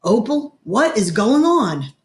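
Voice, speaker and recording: A woman voicing a gentle, drowsy middle-aged preacher in a read-aloud storybook. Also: a little high, echoey room. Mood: calm. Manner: slow, calm and measured.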